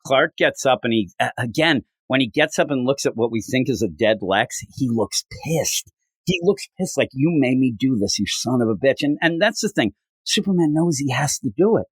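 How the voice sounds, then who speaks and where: A man with a slightly rough voice speaks at normal speed, recapping a comic for a podcast and animatedly acting out the quotes with large pitch jumps. It's a casual comic book discussion, dryly recorded.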